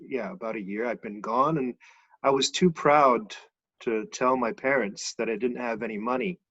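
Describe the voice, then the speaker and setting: A man telling a personal story in a relaxed, chuckling way, heard over a muffled video call. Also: mid-range voice. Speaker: guest author. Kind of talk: casual storytelling.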